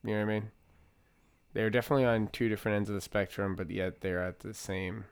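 A man's voice: on the low side, fairly even intonation, quick pace, creaky, clear, resonant tone, no echo. Easygoing man chiming in. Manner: chimes in with short reactions and jokes. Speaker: podcast co-host. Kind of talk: casual late-night chat.

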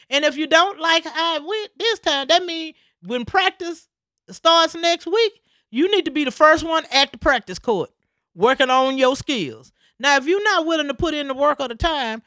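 A woman's voice: sits high, no echo, studio quality. A woman, talking in an emphatic, preachy way during a casual chat. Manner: emphatic, preachy, animated storytelling.

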